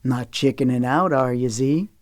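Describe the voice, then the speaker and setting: A woman voicing a cocky young man who teases in a low, drawling way in an audiobook. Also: normal speed, a little mellow, no room sound, studio quality, close to an everyday voice. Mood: teasing.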